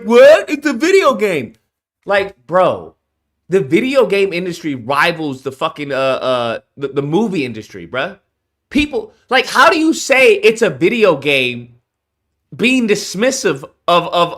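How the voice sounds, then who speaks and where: A man's voice: high-pitched, bright, forceful tone. A man streaming a reaction, ranting heatedly and profanely to his viewers. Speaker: streamer reacting to a game showcase. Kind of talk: casual reaction rant.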